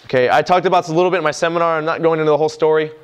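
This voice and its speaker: A young adult man giving a lively youth sermon, acting out parents and children in quoted lines. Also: a little high, very fast, clean tone. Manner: animated, acts out quoted lines. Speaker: youth speaker.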